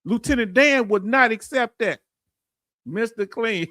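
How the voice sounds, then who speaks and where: A man commenting on veterans' benefits in a casual, animated way, laughing and talking back at clips. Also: very high voice, measured pace, long pauses, no room sound, clean studio sound.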